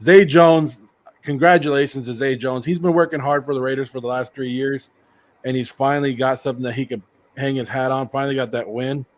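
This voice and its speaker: A middle-aged American man hosting a casual livestream, rambling excitedly and sounding a bit sick and hoarse. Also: mid-range voice, fairly quick. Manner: excited, rambling, laughs often. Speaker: host.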